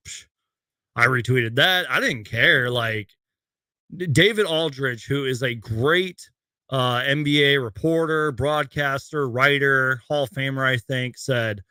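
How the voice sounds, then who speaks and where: A man's voice: medium pitch, sharp tone, no room sound. Choked-up man ranting after a loss. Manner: emotional, halting, reads tweets aloud. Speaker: host. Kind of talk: post-game fan rant. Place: bedroom at home.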